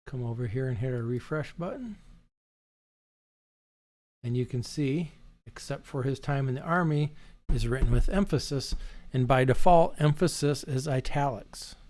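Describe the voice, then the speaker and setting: Man calmly teaching a coding lesson. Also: medium pitch. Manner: plain, patient step-by-step explaining with fillers. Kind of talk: screen-recorded coding tutorial.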